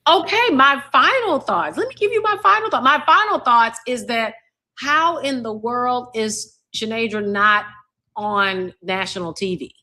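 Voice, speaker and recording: A woman university president as a podcast guest, speaking warmly and reflectively. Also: a little high, lively intonation, a little slow. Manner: warm, reflective, gushing praise. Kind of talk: casual interview chat.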